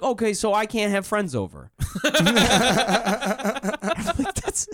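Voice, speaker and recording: A man's voice: sits high, wildly swooping pitch, unhurried, fairly bright tone, dry recording, clean studio sound. A male comedian telling a story on a podcast, swearing freely and breaking into laughs as he goes. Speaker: comedian guest.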